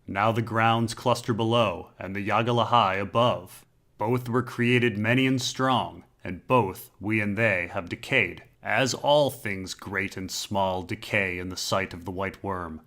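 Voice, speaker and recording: A man's voice: fairly low pitch, a bit bright. A man reading a stern, grim knight. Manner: stern, measured.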